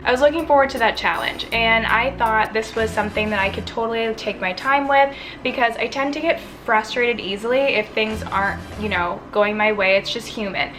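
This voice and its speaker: A woman's voice: a little high, normal speed, noisy background. A young woman with a Midwestern American accent, talking casually to camera in a rambling, chatty way that restarts mid-thought. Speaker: beauty vlogger. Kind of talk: casual vlog talk to camera.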